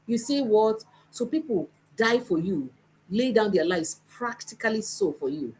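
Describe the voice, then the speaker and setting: A woman's voice: mid-range voice, expressive, unhurried, darkish tone, a little hiss or hum, rough recording. Nigerian woman reviewing the day's headlines. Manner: reads headlines then comments, switching into Pidgin. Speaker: news commentator. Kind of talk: livestream newspaper review.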